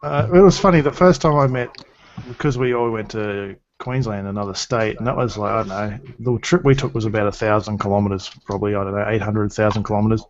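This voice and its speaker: A man's voice: fairly low pitch, fast. A man chatting casually in an online hangout, laughing often and swearing freely. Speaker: hangout guest. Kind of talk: casual group chat. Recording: dull lo-fi online call audio.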